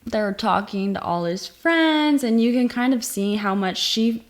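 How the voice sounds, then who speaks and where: A woman giving a casual movie review, chatty and animated, acting out lines from the scenes she retells. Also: fairly high pitch, a little slow. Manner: chatty, many "like" fillers.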